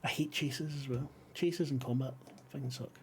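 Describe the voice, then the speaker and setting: A man running a tabletop horror game as game master, narrating casually with frequent swearing and filler pauses. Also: mid-range voice, fairly even intonation, a little mellow, slight background noise.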